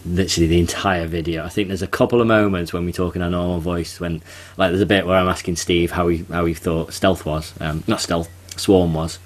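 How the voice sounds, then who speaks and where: A very low-pitched man co-hosting a relaxed podcast chat. He talks in a loose, chatty way, often restarting and correcting himself mid-sentence. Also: fairly quick, hardly any pauses. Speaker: podcast co-host. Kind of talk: casual chat.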